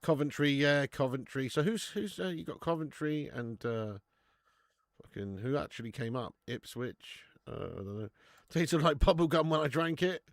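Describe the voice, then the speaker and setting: A young man hosting a live football watch-along, chatting casually, swearing freely and answering viewers' comments out loud. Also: a little high, moderate pace, no echo, clean studio sound. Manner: excitable, swears, reads chat comments aloud. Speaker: live-stream host.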